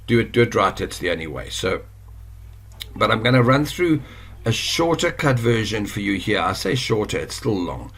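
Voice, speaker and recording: A man's voice: fairly low pitch, sing-song, normal speed, a bit bright, husky. Chatty South African man teaching online. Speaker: online course instructor. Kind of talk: casual screen-share tutorial.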